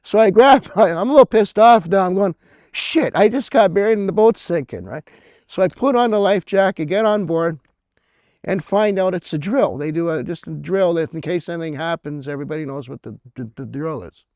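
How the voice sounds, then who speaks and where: A man's voice: on the high side, a little fast, darkish tone, no room sound. A middle-aged man telling a story at a convention, with lots of "right?" and laughs at his own tale. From Canada. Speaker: author speaking at a convention. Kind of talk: casual storytelling talk.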